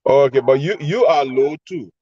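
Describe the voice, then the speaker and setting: A man's voice: mid-range voice, normal speed, mellow, slightly rough, no room sound. A man joining an online talk show by video call, speaking politely and with some hesitation. His audio is dry and muffled. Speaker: guest.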